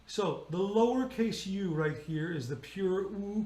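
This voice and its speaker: A man's voice: high-pitched, lively intonation, a little slow, warm tone, echoey room. A man leading an online choir rehearsal, patiently explaining vowels and singing them as he demonstrates. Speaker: choir director.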